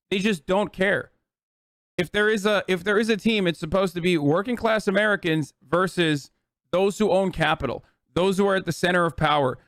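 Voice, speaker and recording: Man streamer, heated political rant, higher voice, dry close sound, profane and emphatic. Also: fairly bright tone, no echo.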